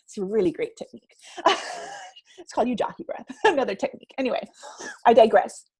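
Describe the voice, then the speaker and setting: Husky animated woman storyteller. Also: fairly high pitch, a little fast. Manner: animated storyteller, acts out quotes. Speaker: guest, stress coach. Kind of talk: conversational interview.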